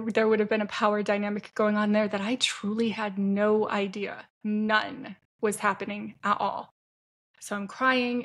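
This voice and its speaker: A middle-aged woman telling a candid personal story to camera as an entrepreneur, frank and chatty. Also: mid-range voice. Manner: frank, chatty, self-deprecating with bursts of laughter.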